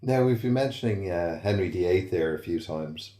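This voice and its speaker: Deep-voiced man hosting. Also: animated, warm tone. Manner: measured, posing open questions. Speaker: podcast host. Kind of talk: interviewer questions. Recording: roomy echo.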